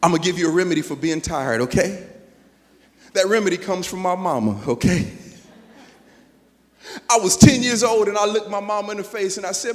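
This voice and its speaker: Guy with a high voice firing up a crowd of teachers, storytelling, big echoey auditorium with long reverb. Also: fairly quick. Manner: energetic, storytelling, calls for audience response. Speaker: motivational speaker. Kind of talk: motivational keynote to teachers. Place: large auditorium. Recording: long hall reverb, PA system.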